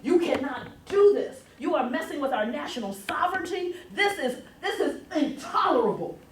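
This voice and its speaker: A woman's voice: high voice, lively intonation, normal speed, a little hiss or hum, voice pushed up. A woman voicing indignant diplomats who protest in a raised, huffy voice, heard from a distance in a roomy lecture recording. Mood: outraged. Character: indignant group of British diplomats, outraged.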